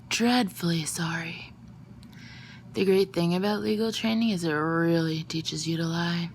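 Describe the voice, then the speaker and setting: A woman reading a first-person novel aloud into a phone, her narration soft and often half-whispered. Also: lowish voice, creaky, a little hiss or hum. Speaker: audiobook reader.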